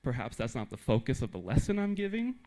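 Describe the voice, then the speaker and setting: An American man speaks to a theater audience of teachers. He is animated and playful, with quick asides to the crowd, and his voice sits at a middle pitch. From United States. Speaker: conference speaker. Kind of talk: live presentation to teachers.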